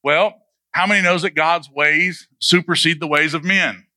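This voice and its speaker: A man's voice: on the high side, fairly even intonation, moderate pace, sharp tone, dry recording. A male pastor who retells a Bible story in a loose, humorous, conversational sermon and asks his listeners questions.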